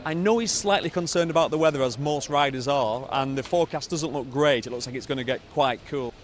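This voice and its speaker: A man, a TV pundit, explaining the behind-the-scenes routine in a brisk, matter-of-fact way. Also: mid-range voice, a little hiss or hum.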